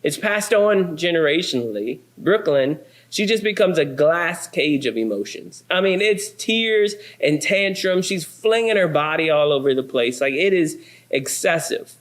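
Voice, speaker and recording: Animated man preaching with comic stories. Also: on the high side, unhurried. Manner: animated, self-deprecating, comic. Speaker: pastor. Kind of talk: humorous sermon storytelling.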